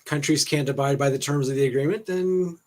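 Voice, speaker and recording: Relaxed man reminiscing as a stream guest. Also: on the high side, a little fast. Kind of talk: casual storytelling on a live stream.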